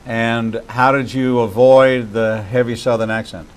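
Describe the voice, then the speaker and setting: A man from Pittsburgh hosting an interview, asking questions in a measured, deliberate way. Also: mid-range voice, fairly even intonation, clean tone, rough recording. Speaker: interview host.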